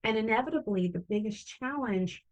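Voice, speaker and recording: A woman's voice: on the high side, normal speed, lo-fi sound. A woman hosting an interview, giving short supportive affirmations and speaking about her programs for women. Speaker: summit host, program founder. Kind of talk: interview chat. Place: video call.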